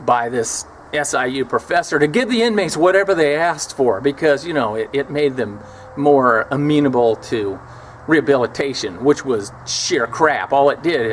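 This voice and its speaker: A man's voice: mid-range voice, a little hiss or hum. A man telling a story from his years as a prison officer, wry and scornful, acting out the people he quotes. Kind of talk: casual storytelling.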